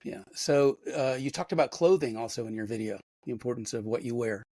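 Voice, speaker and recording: A man hosting a podcast, speaking in a calm, measured way during an interview. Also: medium pitch, dry recording. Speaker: podcast host. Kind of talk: casual interview chat.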